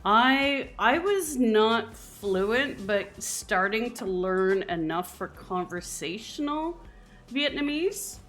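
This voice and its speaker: Slow, chatty Canadian woman streamer. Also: a little high, lively intonation, fairly bright tone, faint music behind. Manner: chatty, laughs often. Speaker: live streamer. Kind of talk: casual chat while streaming a game.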